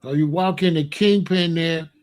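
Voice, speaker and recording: A man's voice: on the high side, normal speed. A man telling a street story in a repetitive, emphatic monologue. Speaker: podcast host.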